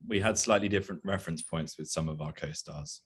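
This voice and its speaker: Very deep-voiced Englishman with a husky tone. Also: fast. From England. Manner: storytelling, self-mocking humor. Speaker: actor being interviewed. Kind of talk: casual press junket interview.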